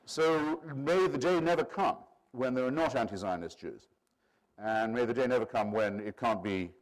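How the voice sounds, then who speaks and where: A man in his sixties with an English accent giving a public lecture in a measured, erudite way, full of asides. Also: on the low side. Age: 60s.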